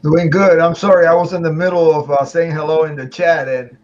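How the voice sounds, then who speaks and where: Easygoing guy, kinda high voice, muffled lo-fi sound. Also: steady tone, brisk. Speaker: guest. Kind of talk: casual livestream chat.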